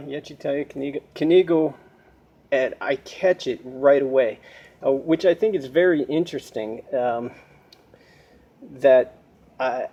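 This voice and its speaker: An American man talking casually to camera in a vlog, hesitant and explanatory, with frequent pauses. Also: medium pitch, mellow, muffled recording, slight background noise. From United States. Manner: hesitant, many ums and restarts, explaining. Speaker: language learner vlogger.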